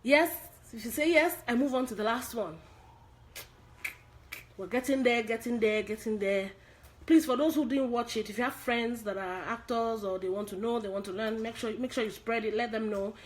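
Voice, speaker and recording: A woman's voice: on the high side, moderate pace, slight background noise. A woman hosting a live stream with acting advice, talking casually, repeating words and pleading for emphasis.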